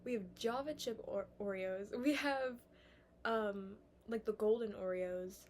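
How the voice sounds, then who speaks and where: A young woman musing aloud in a casual, rambling vlog monologue, sometimes sliding into soft whispers. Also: medium pitch, measured pace, slight background noise. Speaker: vlogger. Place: indoors, sitting on the floor.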